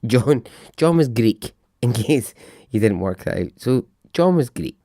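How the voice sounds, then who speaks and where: A man's voice: mid-range voice, lively intonation, unhurried, warm tone, no echo, clean studio sound. A man hosting a podcast, telling a true-crime story in a chatty, musing way, asking himself questions and swearing freely. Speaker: podcast host.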